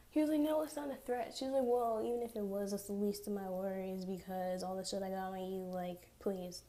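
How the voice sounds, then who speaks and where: A young woman casually recapping a TV episode, chatty and profane, with sarcastic asides and quick acted-out quotes of the characters. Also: medium pitch, warm tone. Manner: acts out characters' lines in quoted voices. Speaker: TV recap vlogger.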